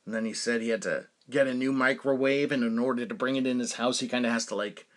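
Talking fast in a medium-pitched voice, a fortysomething man hosts his own podcast. His casual solo storytelling wanders, lively and peppered with fillers and frequent laughs.

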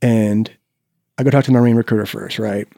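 A man from Iowa in his forties, a guest telling a story in casual chat, animated, swearing freely and acting out the people he quotes. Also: on the low side, a little fast, vocal fry, no echo, clean studio sound. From Iowa, United States. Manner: swears freely, peppers speech with "right?".

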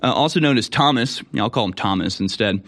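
A man's voice: mid-range voice, animated, fast, a bit bright. A man hosting a talk radio show, reading news stories aloud and commenting on them with sarcasm. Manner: sarcastic, reads headlines then editorializes.

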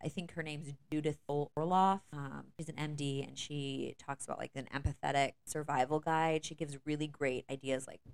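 A woman in her thirties hosting a podcast, talking candidly and confessionally about parenting, swearing freely and jumping up in pitch when she quotes herself. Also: fairly even intonation, moderate pace, vocal fry, hardly any pauses. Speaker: podcast host. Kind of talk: candid personal podcast talk.

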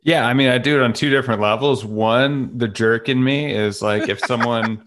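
A man's voice: medium pitch, moderate pace, background noise. A young man co-hosting a podcast, talking in an easygoing, rambling way with lots of fillers. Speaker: podcast co-host. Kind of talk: casual chat.

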